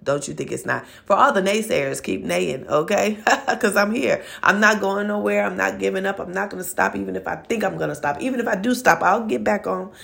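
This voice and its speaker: Gravelly-voiced woman giving an earnest pep talk. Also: mid-range voice, a little fast, a bit bright. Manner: earnest, addresses listeners directly with frequent "okay?"; repeats words while searching for phrasing. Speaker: podcast host. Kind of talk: faith-based motivational talk.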